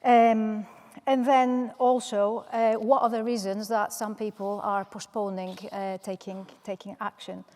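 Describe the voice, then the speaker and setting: A woman from Manchester moderating a panel discussion, speaking in a measured way with frequent "uh" fillers. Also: mid-range voice, flat delivery, darkish tone. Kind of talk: panel introduction. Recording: long hall reverb.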